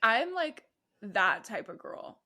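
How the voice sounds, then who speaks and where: A woman's voice: a little high, very animated, slow, pushed and bright. A woman in her twenties co-hosting a podcast, chatting casually and animatedly with lots of laughter. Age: 20s. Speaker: podcast co-host. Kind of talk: casual chat.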